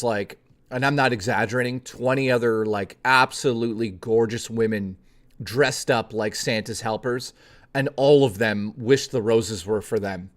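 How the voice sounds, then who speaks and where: A man streaming, telling a personal story in a casual, animated and profane way, often swearing that it is true. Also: mid-range voice.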